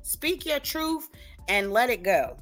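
A woman's voice: a little high, animated, takes it slowly, soft background music. A woman co-hosting a podcast in casual chat, outspoken and blunt. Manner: outspoken, forceful. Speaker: podcast co-host.

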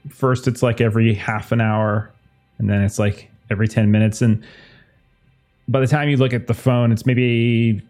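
A man's voice: medium pitch, fairly even intonation, normal speed, a little mellow, soft background music. A man running a tabletop game as game master, narrating casually with many fillers.

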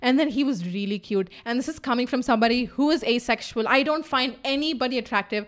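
A woman hosting a vlog, telling a story casually to her viewers with a friend, animated and swearing freely. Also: a little high, fast. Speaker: vlog host.

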